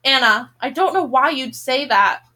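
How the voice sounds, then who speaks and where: A woman's voice: high-pitched, lively intonation, normal speed, pushed and bright. A woman reading aloud as an anxious middle-aged mother, pleading in a thin voice.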